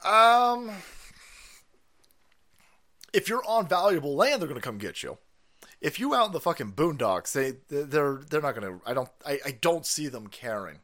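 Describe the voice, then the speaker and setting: A man's voice: a little high, very animated, moderate pace, pauses often, fairly bright tone. A man hosting a casual livestream, reading viewer messages and answering them with profanity, laughter and rambling asides. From South Carolina.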